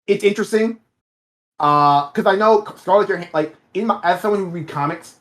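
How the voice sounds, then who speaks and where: A man with a slightly higher voice than most talks through a casual review chat. He rambles, restarts his sentences and drops the odd curse word as he works through his thoughts. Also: fairly quick, a bit bright. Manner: rambling, self-correcting, swears casually. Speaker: podcast co-host.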